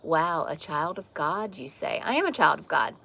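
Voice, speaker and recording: Woman, slight Southern accent, somewhat low voice, casual livestream host, candid, talks outside on a porch. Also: sing-song, normal speed, creaky, background noise. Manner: candid, frank, with frequent restarts and trailing phrases. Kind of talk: casual livestream chat answering viewer comments. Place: outdoor porch.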